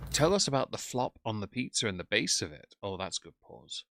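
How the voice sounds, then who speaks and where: A man's voice: lowish voice, sing-song, brisk, vocal fry, few pauses, pushed and bright, slight background noise. A man, commenting bluntly and sarcastically while reading out chat on a live stream.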